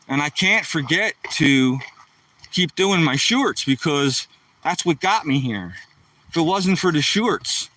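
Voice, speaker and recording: A man's voice: a little high, bright, forceful tone, no echo, recorded from a distance, low-quality recording. A man live streaming while walking outdoors, chatting nonstop in a hyper, joking way with viewers. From East Coast of the United States. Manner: hyper, talkative, jokey. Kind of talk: casual live-stream chat.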